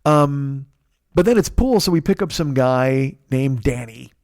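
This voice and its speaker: A man's voice: medium pitch, expressive, unhurried, dry recording, clean studio sound. A man in his forties hosting a comedy podcast, telling a rambling, profane story with lots of restarts. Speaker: podcast host.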